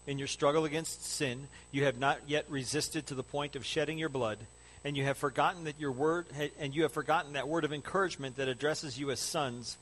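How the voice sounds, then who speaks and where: A man preaching a sermon as a pastor, building to loud excitement and then dropping to hushed, soft tones. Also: a little high, a little fast, a little hiss or hum.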